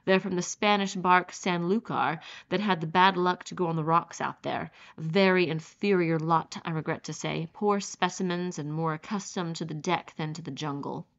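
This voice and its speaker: A woman's voice: fairly low pitch, steady tone, moderate pace, few pauses, lo-fi sound, close to an everyday voice. Woman reading as a smug, cruel aristocratic general. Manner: polished, smug, condescending. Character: suave, cruel aristocratic male general who hunts men. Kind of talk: audiobook character reading.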